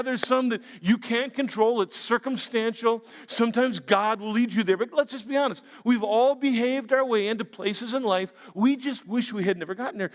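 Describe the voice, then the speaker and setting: A man preaching a sermon as a pastor, animated, acting out quoted voices and asides. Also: high-pitched. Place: large church auditorium. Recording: long reverb of a large church hall.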